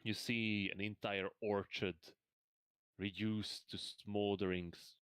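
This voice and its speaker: A man narrating a tabletop game as game master, slow and halting as he describes the scene. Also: fairly low pitch, level tone, fairly bright tone, clear, resonant tone, no echo.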